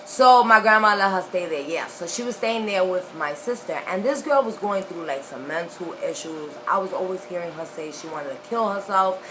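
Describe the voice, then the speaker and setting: A young woman telling a personal story in a casual, profane, animated way. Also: on the low side, moderate pace, few pauses, background noise. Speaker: vlogger.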